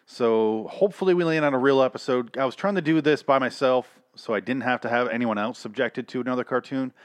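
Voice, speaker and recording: A man's voice: mid-range voice, brisk, dry recording. A man giving casual, rambling, sarcastic review commentary on cartoon episodes, swearing freely.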